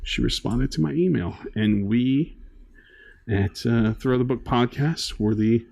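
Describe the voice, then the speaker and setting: A man's voice: mid-range voice, a little slow, gravelly, warm tone. A man co-hosting a book podcast, chatting casually and laughing easily. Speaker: podcast co-host. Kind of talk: casual chat.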